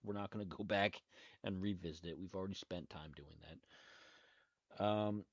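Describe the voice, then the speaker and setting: Speaking at a normal speed in a deep voice, a man hosts his own solo podcast. His casual talk wanders, with restarts and asides, and the dry lo-fi recording sounds dull and echo-free.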